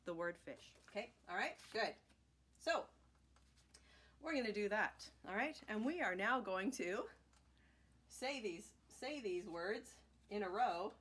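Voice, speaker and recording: Lively sing-song woman teaching children. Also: medium pitch, slightly rough. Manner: encouraging, sing-song chanting of rhythm words. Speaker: music teacher. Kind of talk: children's music lesson.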